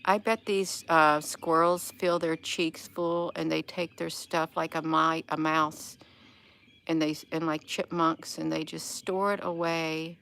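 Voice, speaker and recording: A woman with a deep, gravelly, slightly bright voice talks unhurriedly and with little pitch movement on a casual livestream in her yard. She drifts between thoughts, losing her place, while greeting viewers by name.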